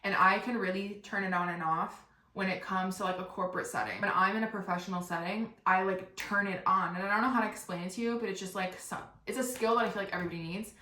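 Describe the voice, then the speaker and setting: A young woman tells a comic story on her podcast, lively, swearing freely and laughing at her own blunders. Her voice sits at an ordinary middle pitch for a woman. A noticeable echo from the room hangs around her words. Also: fast talker. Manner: animated, profane, laughing at herself. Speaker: podcast host. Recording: roomy echo.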